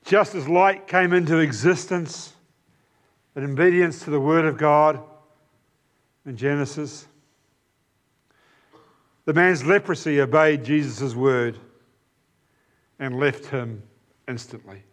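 A man's voice: fairly high pitch, slow, pauses often. A man preaching a sermon in an earnest, emphatic way, often repeating key phrases. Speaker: pastor.

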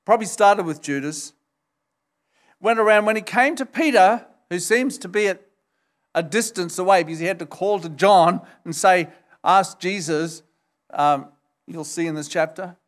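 A man preaching a sermon, emphatic, jumping up high to stress points and acting out quoted dialogue. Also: normal speed. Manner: acts out quoted dialogue in a raised voice. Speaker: pastor.

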